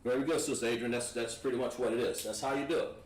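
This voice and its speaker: A man teaching a Hebrew class at a board, patient and encouraging, repeating words slowly. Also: medium pitch, steady tone. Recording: echoey room, voice from far off.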